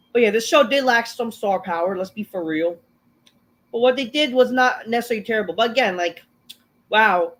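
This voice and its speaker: A man's voice: high-pitched, fairly bright tone. A man hosting a casual review of a wrestling show, rambling and swearing. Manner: rambling, profane, full of fillers and restarts. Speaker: show host.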